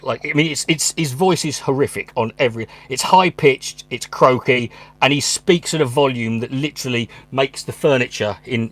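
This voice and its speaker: A man's voice: medium pitch, dry recording. Sweary man rambling casually. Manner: rambling, sweary, with abrupt stop-start phrasing. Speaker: stand-up comedian and channel host. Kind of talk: casual monologue. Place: his room at home.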